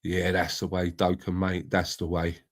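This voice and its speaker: A man's voice: deep voice, monotone, moderate pace. Chatty middle-aged man streaming. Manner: chatty, rambling, swears freely, greets viewers by name. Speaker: livestream host. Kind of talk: casual live-stream chat reading out comments.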